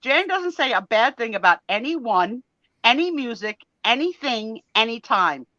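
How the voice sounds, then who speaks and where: A woman hosting a casual live chat, animated and laughing, given to dramatic outbursts. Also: a little high, a little slow, dry recording, dull audio. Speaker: host.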